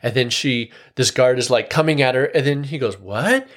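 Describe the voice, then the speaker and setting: A man's voice: medium pitch, a little fast. A man co-hosting a casual chat, laid-back and slangy, chuckling as he describes comic scenes. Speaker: podcast co-host.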